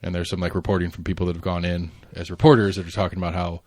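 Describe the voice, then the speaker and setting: A man's voice: low-pitched, little pitch movement, racing, a little mellow, no echo, clean studio sound. A man co-hosting a casual current-affairs podcast, rambling with lots of fillers and restarts and the odd swear word. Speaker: podcast co-host.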